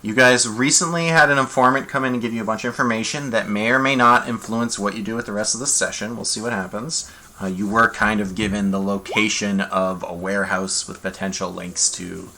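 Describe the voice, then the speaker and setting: A man's voice: fairly low pitch, bright, forceful tone. A man running a tabletop game as game master, laid-back and chatty, on a desk mic.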